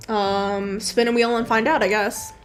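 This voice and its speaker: A woman's voice: fairly high pitch, level tone, measured pace. Rambling young woman narrating her drawing. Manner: rambling, offhand, casually swearing. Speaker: digital artist streamer. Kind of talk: casual drawing commentary. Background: faint background music.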